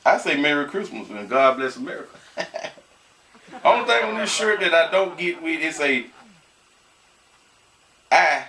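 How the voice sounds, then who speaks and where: Lively folksy man in an echoey room. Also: fairly high pitch. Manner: folksy, talks straight to viewers as "y'all"; slow, halting when reading aloud. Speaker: small YouTuber. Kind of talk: reading news aloud and commenting casually. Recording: echoey room, mic at a distance.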